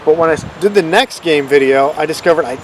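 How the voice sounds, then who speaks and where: A man with a slightly high voice talks loosely and self-deprecatingly, rambling on without a script. He sounds like he is outdoors, with faint wind and traffic behind him. The talk is relaxed and unpolished. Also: fast talker, rough recording. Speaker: channel host. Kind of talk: casual unscripted vlog rambling.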